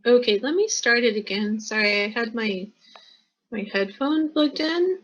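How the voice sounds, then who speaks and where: A woman's voice: fairly high pitch, lively intonation, a little slow, fairly bright tone, muffled recording. An American woman teaching pronunciation in a college classroom, explaining patiently and repeating words for her students. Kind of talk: classroom instruction.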